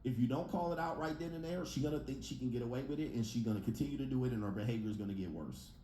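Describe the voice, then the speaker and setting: A man's voice: mid-range voice, racing, mellow, slight background noise. A man delivering a brash, profane relationship advice rant in a clip being played back. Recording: echoey clip replayed in a reaction.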